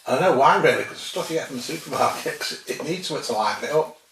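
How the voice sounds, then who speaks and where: A man's voice: a little high, lively intonation, rapid-fire, gravelly, fairly bright tone. A man with a dry sense of humour, chatting casually as he tastes and rates cheeses on his food vlog. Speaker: food vlogger tasting cheeses. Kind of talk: casual tasting commentary. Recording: roomy sound, distant from mic, faint noise.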